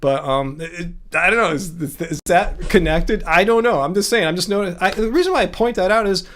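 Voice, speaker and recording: High-voiced, animated male livestream host. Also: fairly quick, a little hiss or hum. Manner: animated, joking, laughs at himself, reacts to chat. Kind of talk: casual livestream chat.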